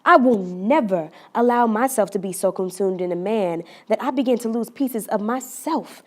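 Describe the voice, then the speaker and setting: A woman's voice: mid-range voice, normal speed, a little mellow, lightly acted. A woman performing a dramatic monologue as a young woman who tells, earnestly and confidingly, how a relationship hurt her. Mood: resolute. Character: young woman recounting a hurtful relationship, wounded but resolute.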